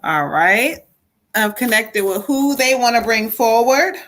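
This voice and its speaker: Bright-voiced woman giving a card reading. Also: a little high, unhurried. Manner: animated, talks to spirit and viewers. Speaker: psychic reader. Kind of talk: live stream card reading.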